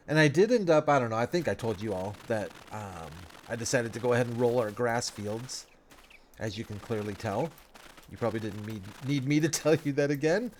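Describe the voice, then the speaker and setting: A man's voice: medium pitch, a little hiss or hum. Stuffed-up man chatting through a farming game. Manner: relaxed, rambling, self-talk with folksy phrases. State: stuffed up nose. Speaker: let's play host. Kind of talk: casual gameplay commentary.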